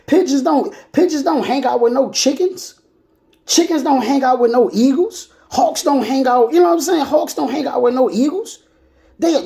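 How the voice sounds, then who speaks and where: A woman's voice: a little high, dark tone. A woman giving a motivational talk in a casual, street-style way. She stresses her points by repeating them and keeps checking in with the listener. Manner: emphatic and repetitive, often checking in with the listener. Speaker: motivational speaker. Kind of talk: motivational monologue.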